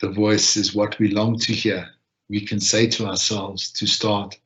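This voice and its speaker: A man gently leading a guided reflection and breathing practice, talking in an unhurried way with long pauses. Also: on the low side, level tone. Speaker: session leader. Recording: dull lo-fi online audio.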